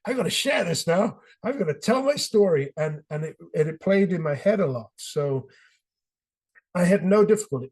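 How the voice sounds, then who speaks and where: A man's voice: a little high, darkish tone. A middle-aged British man, an author guest on a podcast, telling his story with passion and acting out quotes. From Britain. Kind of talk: podcast interview.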